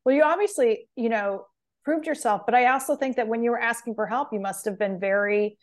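A woman's voice: a little high, a little fast. A woman interviewing a guest, affirming and chatty, with many fillers. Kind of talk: interview conversation.

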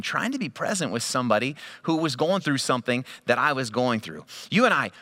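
A man's voice: fairly high pitch, bright, forceful tone. A male pastor giving a sermon, telling stories in a conversational, humorous way.

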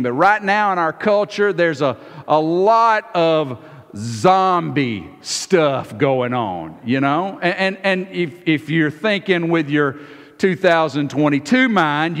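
A man preaching a sermon in a conversational way, often repeating a word as he starts a phrase and acting out the lines of the people in his text. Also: on the high side. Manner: acts out the disciples' lines in quick, lively bursts. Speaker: pastor. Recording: long reverb of a large hall.

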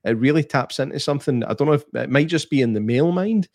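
A young man in casual chat, making wry, deadpan jokes with plenty of swearing. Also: fairly high pitch, quick pace, no room sound, clean studio sound. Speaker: podcast co-host.

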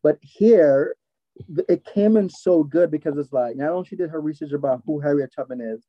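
A man's voice: a little high, brisk, no echo. Chatty man on a dull lo-fi mic. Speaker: podcast co-host. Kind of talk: casual recap chat.

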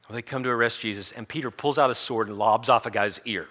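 A man preaching, retelling a story in an animated, conversational and humorous way. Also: medium pitch, quick pace, few pauses. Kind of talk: storytelling sermon.

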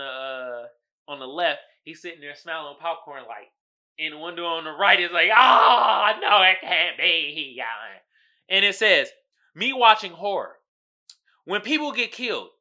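Hosting a podcast, a man with a fairly high-pitched voice recaps a horror film and reads memes in a relaxed, energetic monologue. He swears freely and now and then bursts into loud shouted impressions.

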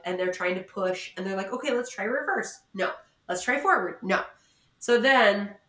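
A salon owner from the Pacific Northwest, co-hosting a podcast, tells a story in casual chat, mocking herself, laughing often and acting out what others said. Her voice is medium in pitch with a sharp tone, and the sound is reverberant.

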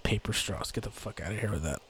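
A man's voice: fairly low pitch, fast talker, a bit bright, breathy edge. A man hosting his own show, ranting casually and profanely with sarcasm, fillers and bursts of laughter. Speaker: podcast host. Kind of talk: casual solo rant.

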